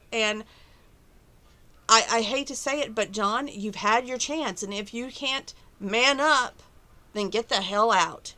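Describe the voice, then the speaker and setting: A woman's voice: medium pitch, slow, sharp tone. A woman chatting to camera from her bedroom at home, rambling and opinionated about relationships and her plans. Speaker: vlogger. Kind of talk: casual chat to camera.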